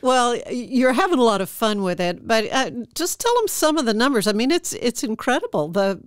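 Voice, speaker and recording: Woman, interview host, encouraging prompts, higher voice, dry. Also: sing-song, brisk, smooth, no room sound. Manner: encouraging, short prompts and affirmations. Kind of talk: casual interview chat.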